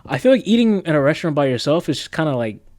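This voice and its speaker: A man's voice: on the high side, very animated, fast talker, darkish tone, no echo, studio quality. A young man on a live stream, chatting casually and rambling in a laid-back, slangy, self-mocking way as he reads quiz questions aloud.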